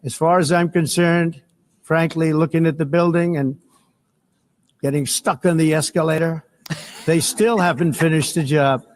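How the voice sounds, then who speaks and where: A man's voice: fairly high pitch, fairly even intonation, normal speed. An older man from the United States giving a formal speech to an assembly, rambling and boastful.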